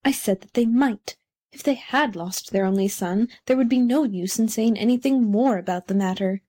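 A woman's voice: a little high, normal speed, mellow, husky. A woman voicing a pompous, conceited male firework rocket in a storybook reading, haughty and self-important. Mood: stiffly offended.

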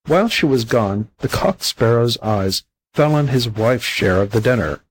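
Husky-voiced man reading a fable. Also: mid-range voice, expressive, normal speed, rough recording. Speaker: volunteer audiobook reader. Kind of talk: storybook narration.

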